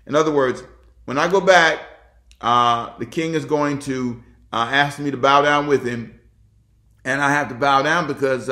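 A man's voice: medium pitch, sharp tone, roomy sound. A male pastor preaching, reading scripture aloud and repeating key lines for emphasis. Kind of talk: sermon.

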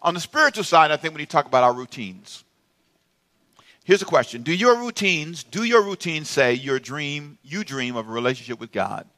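Playful, bright-voiced male pastor preaching. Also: on the high side, sing-song, normal speed. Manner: humorous, playful, audience call-and-response. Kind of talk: sermon.

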